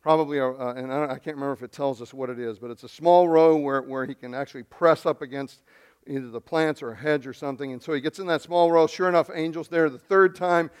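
Animated storytelling male preacher. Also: on the high side, quick pace, clear, resonant tone. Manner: animated storytelling, humorous asides. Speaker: pastor. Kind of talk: sermon.

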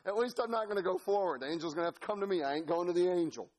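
A man voicing a stubborn, clever talking donkey with squealing shouts. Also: high voice, animated, racing. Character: stubborn talking donkey, smarter than its rider.

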